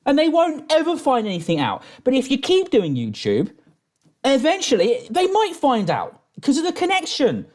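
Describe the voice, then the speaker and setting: Fields: Man. Style: swearing, lively reaction rant. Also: very high-pitched, moderate pace. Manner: angry, swears constantly, rambling restarts. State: drinking during stream. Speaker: streamer reacting to a video.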